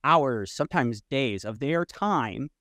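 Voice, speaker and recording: A man's voice: medium pitch, lively intonation, slow, sharp tone, dry recording, studio quality. A man hosting an interview, musing casually in a reflective way. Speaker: host.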